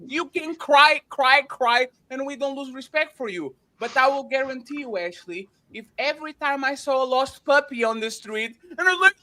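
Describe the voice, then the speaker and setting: High, bright-voiced man arguing emphatically. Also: normal speed, hardly any pauses. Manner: emphatic, repeats names and words, interrupts. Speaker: panel show host. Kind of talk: heated panel debate.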